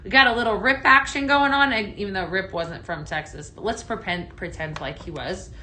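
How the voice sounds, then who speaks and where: A woman's voice: mid-range voice, fairly quick, bright, forceful tone, a little hiss or hum. A woman hosting a live shopping stream, chatting and gushing over products while she reads out viewer comments, with plenty of fillers. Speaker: live shopping show host. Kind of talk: live product demo chat.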